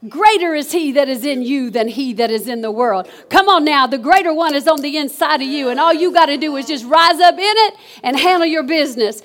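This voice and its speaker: High-voiced woman preaching a sermon. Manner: animated, call-and-response preaching with exclamations.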